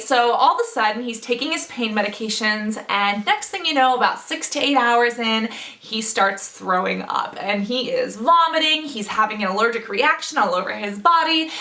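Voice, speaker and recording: Young woman vlogging a family story, kinda high pitched, echoey room. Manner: animated, acts out family members' voices. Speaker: beauty vlogger. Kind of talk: storytime vlog. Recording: roomy echo, mic at a distance.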